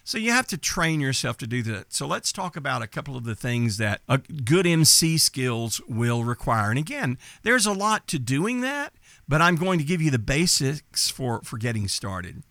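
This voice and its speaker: A middle-aged man from East Texas with a light Texas accent, coaching listeners in a direct, confident podcast talk with pitch jumps for emphasis. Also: very animated, moderate pace, bright, forceful tone, no echo. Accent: light Texas accent, mostly neutral. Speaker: entertainment business coach, podcast host.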